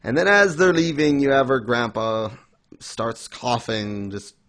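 A man's voice: mid-range voice, fairly even intonation, a little slow, a bit bright. A man recapping a story in casual chat, rambling with many fillers and restarts. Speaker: podcast host recapping an anime.

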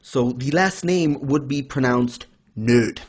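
Casual male co-host with a middle-pitched voice who lectures in a playful, mock-formal tone. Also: unhurried. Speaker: podcast co-host. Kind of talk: casual anime discussion.

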